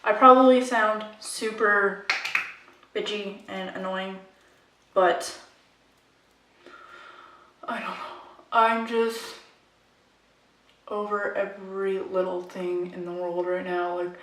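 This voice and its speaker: A woman's voice: mid-range voice, little pitch movement, takes it slowly, long pauses, fairly bright tone. A young woman vlogger ranting casually to camera, frustrated and rambling, saying "like" often. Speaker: makeup vlogger. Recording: echoey room, mic at a distance.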